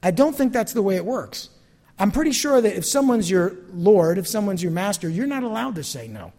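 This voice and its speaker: A man's voice: high voice, sing-song, brisk, a little mellow, big-room sound. A pastor delivering a sermon in a church, talking animatedly and acting out the voices of people he quotes.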